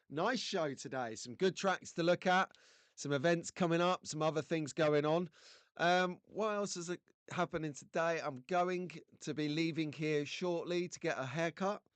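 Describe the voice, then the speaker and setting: A man's voice: a little high, clean tone, no echo. A man from England hosting a casual live stream, chatty and jokey, greeting viewers by name.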